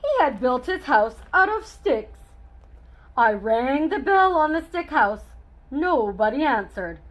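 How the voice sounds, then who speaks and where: A woman's voice: high voice, very animated, slow, pitched below the performer's own voice, full character voice, low-quality recording. A woman reading a children's book aloud as a chatty, wry male wolf telling his side of the story.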